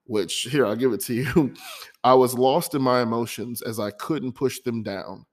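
Guy on his podcast venting about his week, stammers and repeats himself, raw and emotional. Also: mid-range voice. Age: adult, divorced. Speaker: podcast host. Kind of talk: personal monologue.

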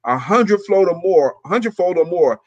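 A man hosting a casual morning chat, upbeat and quick to laugh, who also reads aloud slowly and with emphasis. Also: sits high, lively intonation, darkish tone, lo-fi sound. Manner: upbeat, laughs often, slow emphatic reading. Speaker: host.

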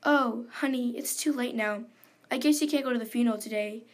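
A woman's voice: fairly high pitch, fairly quick, natural voice. A woman doing a creepy, sweet-talking grandmother.

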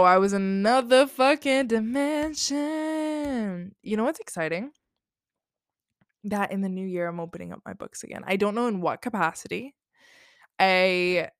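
A woman's voice: mid-range voice, no room sound, studio quality. Effusive, swearing spiritual woman podcaster. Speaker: podcast host. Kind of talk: casual spiritual podcast monologue.

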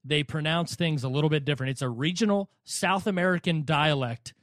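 Animated man hosting a boxing podcast. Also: on the high side, fairly quick, no echo, studio quality. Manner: animated, mock-pronounces names, laughs often. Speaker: podcast co-host. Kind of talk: casual boxing chat.

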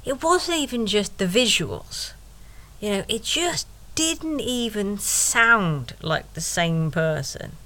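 A woman's voice: medium pitch, lively intonation, slow, bright, forceful tone. A woman telling a first-person story in a wry, sarcastic way, with asides to the listener.

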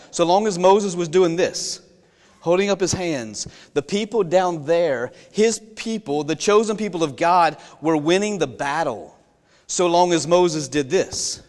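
A man's voice: fairly high pitch, darkish tone. A man preaching a sermon, retelling a Bible story in a folksy way with jokey asides and questions to the congregation. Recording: long reverb in a large hall.

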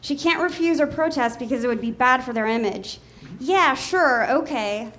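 A woman's voice: high-pitched, a little fast, fairly bright tone. A woman comedian on a small theater stage, reading her comic story aloud and often laughing at her own lines.

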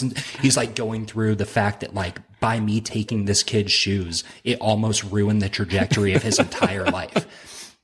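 Low husky man telling a story. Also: unhurried. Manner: animated, laughing, profane anecdote-telling. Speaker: podcast guest, helicopter crew chief. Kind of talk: casual storytelling.

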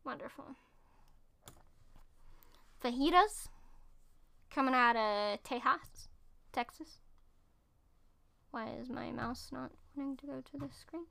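A woman's voice: high-pitched, slow pace, vocal fry, long pauses, a bit bright. A woman hosting, reading food facts off her screen and chatting about them, stumbling and correcting herself as she goes. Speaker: host reading and commenting. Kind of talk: casual commentary reading from screen.

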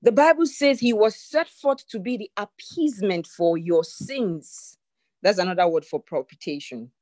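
A woman's voice: medium pitch, moderate pace, warm tone, no echo. A woman pastor preaching a sermon, earnest and emphatic, repeating her key phrases.

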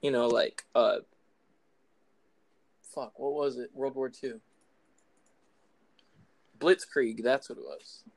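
Gravelly young man, joking deadpan. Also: mid-range voice, takes it slowly, long pauses, dry recording. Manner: joking, teasing, deadpan banter. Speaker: podcast co-host. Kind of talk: casual chat.

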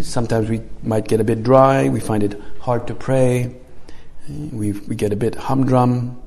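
A man's voice: mid-range voice, darkish tone. A man leading a retreat, preaching in a conversational way with frequent tag questions and filler sounds. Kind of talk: sermon.

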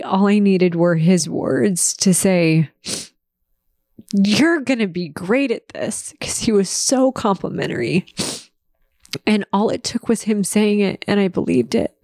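A woman's voice: mid-range voice, measured pace, a little mellow, no echo, studio quality. A woman hosting her own podcast, speaking in an earnest, emotional and confessional monologue. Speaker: podcast host.

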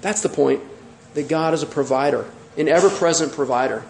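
A man preaching a sermon as pastor, animated and full of rhetorical questions. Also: on the high side, brisk, vocal fry, roomy sound, a little hiss or hum.

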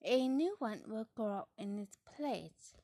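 Woman doing a soothing storybook mother pig, slow, dry sound. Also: fairly high pitch, expressive, warm tone, no echo. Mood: reassuring. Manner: soothing and explaining, with a fond laugh. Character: gentle, patient mother pig.

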